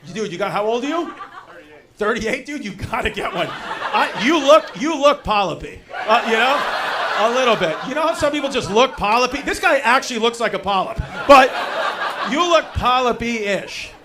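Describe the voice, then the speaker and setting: A man's voice: very high-pitched, lively intonation, normal speed. A male stand-up comedian doing loose, rambling crowd work in a comedy club, saying "dude" a lot. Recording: noisy live club recording.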